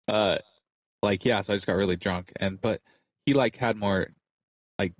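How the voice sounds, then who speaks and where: Young guy with a lowish voice, rambling slangy story, bro every other word, dry sound. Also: unhurried, dry recording, muffled recording. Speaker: podcast co-host. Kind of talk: casual chat.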